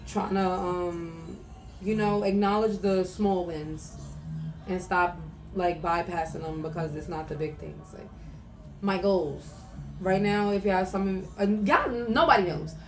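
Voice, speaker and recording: A woman's voice: on the low side, unhurried, soft background music. A young woman hosting her own podcast, talking candidly and emotionally about her life, with lots of "like" fillers and some swearing. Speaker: podcast host. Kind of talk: casual personal monologue.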